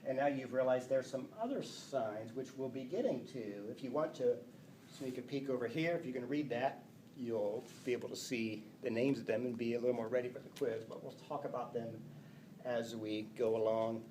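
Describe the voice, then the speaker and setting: A man teaching a class, lively and playful, reading example sentences aloud. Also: medium pitch, normal speed, a little hiss or hum. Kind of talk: classroom lecture. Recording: echoey classroom from a distance.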